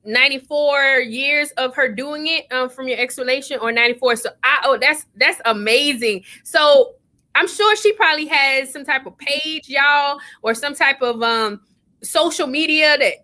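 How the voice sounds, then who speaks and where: A middle-aged woman hosting a livestream, reading out viewer comments, excitable and effusive, laughing often. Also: sits high, normal speed. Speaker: host.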